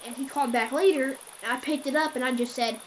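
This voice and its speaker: Woman, casual storytelling, rambling, corrects herself, fairly high voice. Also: quick pace, slight background noise.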